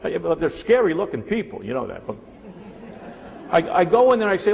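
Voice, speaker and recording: A sales trainer and motivational speaker in his sixties gives a live seminar in a large hall, his fairly high, darkish voice swinging widely in pitch with vocal fry and frequent pauses. He talks a little fast in a punchy, repetitive style and teases the audience, with long hall reverb on the recording.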